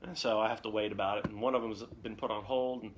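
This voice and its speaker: During a live Q&A stream, a young man who does voice acting talks casually and wanders between anecdotes, filling the gaps with lots of fillers. He has a lowish voice with fairly even intonation and talks fast over a noisy background.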